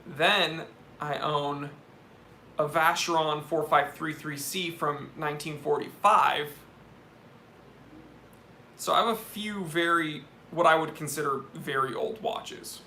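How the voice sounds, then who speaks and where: A young man hosts a live question-and-answer stream in a loose, chummy manner. His voice is bright and a little high. The room is echoey, with a faint hiss underneath. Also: slow. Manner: casual and chummy, says "dude" often. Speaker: watch channel host answering live chat.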